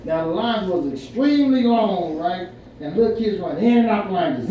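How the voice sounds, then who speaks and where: Older male comic, folksy stand-up storyteller, fairly high voice, echoey far-off room with crowd laughter. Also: expressive, moderate pace, highs cut off. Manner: folksy, laughs at own punchlines. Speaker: stand-up comedian. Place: winery event room with live audience.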